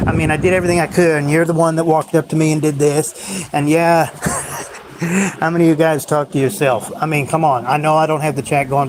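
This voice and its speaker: A man's voice: a little high, background noise. A man hosting a solo livestream, rambling in a brooding, bitter way about life. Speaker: livestream host.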